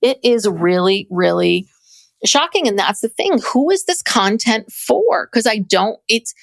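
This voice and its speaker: Gravelly animated woman podcast co-host. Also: medium pitch, unhurried, dry recording, studio quality. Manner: animated, laughing, mimicking others. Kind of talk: casual chat.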